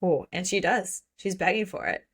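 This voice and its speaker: A woman's voice: on the low side, lively intonation, normal speed, husky. A young woman co-hosting a book podcast, chatting casually and reading passages aloud, giggly and full of "like". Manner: giggly, gushing, lots of "like". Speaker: podcast co-host.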